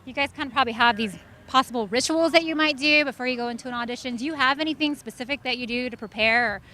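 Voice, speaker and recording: A woman's voice: high voice, fast talker, pushed and bright, a little hiss or hum. A woman hosting an entertainment interview show, asking chatty, upbeat questions over a faint music bed. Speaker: host.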